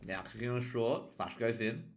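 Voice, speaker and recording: A man's voice: medium pitch, creaky. A man casting a competitive shooter match live, calling rounds play by play and lifting sharply on kills. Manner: rapid call-outs that lift sharply on kills. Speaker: esports caster. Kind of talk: play-by-play game commentary.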